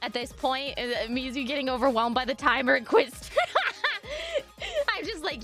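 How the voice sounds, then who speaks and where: A woman streaming live and chatting casually with her viewers, swinging between excited squeals and low mumbling. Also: normal speed, faint music behind.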